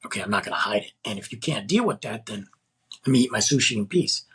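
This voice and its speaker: A man's voice: lowish voice, animated, quick pace, fairly bright tone, slightly rough. A man in his forties casually telling a dating story on his podcast, rambling with lots of filler words and acting out both sides of the conversation. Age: 40s. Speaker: podcast host. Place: Texas.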